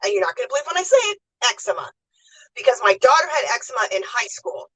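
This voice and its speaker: Chatty, husky-voiced American woman host. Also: high voice, very animated, quick pace, fairly bright tone, distant mic, poor audio. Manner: chatty, reads viewer comments aloud and laughs often. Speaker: livestream host. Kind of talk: casual livestream chat.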